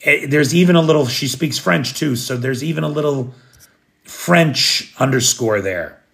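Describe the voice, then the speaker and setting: A man's voice: medium pitch, a little slow, gravelly, a bit bright. An American man hosting a late-night livestream, chatting casually and answering viewer comments in a rambling way. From United States. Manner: rambling, chatty, restarts and fillers. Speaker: livestream host. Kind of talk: casual live chat reading comments. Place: living in Kyiv, recording at home at night.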